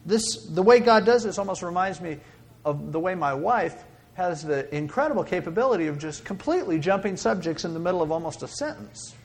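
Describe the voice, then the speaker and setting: Male preacher, high voice, dramatic sermon delivery that swings from booming to whispered. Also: animated, a little fast. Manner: dramatic, swings between loud exclaiming and hushed whispering.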